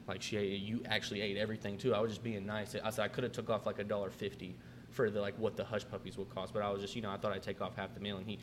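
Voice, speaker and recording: Quick-talking man with a low drawl. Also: little pitch movement, background noise. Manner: laid-back, swears freely, acts out customers' lines. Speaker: podcast host, restaurant manager. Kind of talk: casual storytelling chat. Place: restaurant.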